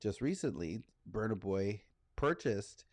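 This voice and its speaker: A man's voice: lowish voice, measured pace, dry recording. A middle-aged man co-hosting a podcast in casual chat, laughing often as he talks. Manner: laughs often, lively delivery. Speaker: podcast co-host.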